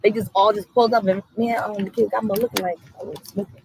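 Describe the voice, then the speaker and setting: A man in a casual podcast chat, telling an anecdote in relaxed slang with laughs. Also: sits high, quick pace, gravelly, a little hiss or hum, poor audio.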